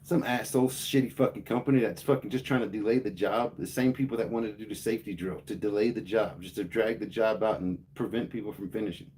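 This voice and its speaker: A man's voice: on the low side, quick pace, hardly any pauses, a little mellow. A man livestreaming, telling a heated, profane story to his chat in casual speech. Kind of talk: casual rant to live chat.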